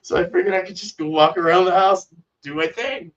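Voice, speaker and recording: Through a distant, muffled lo-fi mic, a homebrewing channel host rambles profanely and casually during his livestream. He speaks fairly quickly in a high, slightly bright voice.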